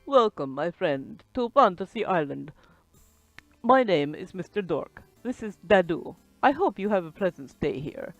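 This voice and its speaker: A vengeful male villain, put on by a woman reading an adventure game aloud. He speaks low and slow and sinks into a throaty whisper, menacing and pompous. Faint game music plays under the dry voice. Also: big pitch swings, no echo. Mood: suave.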